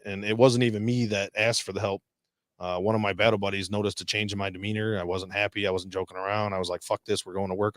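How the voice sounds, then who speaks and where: A man's voice: lowish voice, no room sound, clean studio sound. A man from Detroit telling war stories casually as a guest, swearing and laughing often. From Detroit, Michigan. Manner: profane, laughing, animated quoting. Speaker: veteran guest. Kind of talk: casual storytelling.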